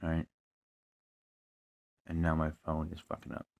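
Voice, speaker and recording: Gravelly deep-voiced man ranting. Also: completely flat delivery, unhurried. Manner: profane, blunt, repetitive. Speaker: vlogger. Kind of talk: angry ranting monologue. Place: living room at home. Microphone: broken phone mic. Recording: lo-fi phone recording.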